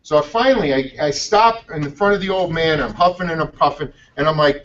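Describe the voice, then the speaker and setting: Energetic, blunt male motivational speaker, high voice, distant and muffled. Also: brisk, hardly any pauses. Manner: energetic, blunt, swears freely. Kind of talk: motivational storytelling talk.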